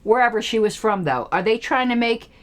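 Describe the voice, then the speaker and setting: A chatty woman with a lively, brisk voice hosts a political commentary channel. In a casual solo discussion of a TV episode she rambles, laughs often, and talks to herself while trying to recall names.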